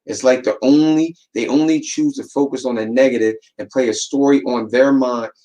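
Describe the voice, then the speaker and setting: Man, podcast host, casual motivational talk, repeats for emphasis, mid pitch. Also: steady tone, normal speed, warm tone, rough recording. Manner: preachy, repeats words for emphasis, acts out quotes.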